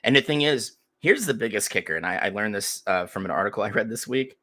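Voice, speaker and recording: Bright-voiced, profane male podcast host. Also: on the low side, fast. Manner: crude, animated, profane storytelling. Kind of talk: casual chat.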